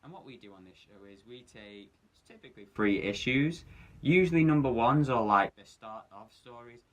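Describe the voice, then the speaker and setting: A man's voice: mid-range voice, animated, normal speed, a bit bright. A man co-hosting a radio show about comics, rambling in casual chat, correcting himself and laughing often. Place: radio studio.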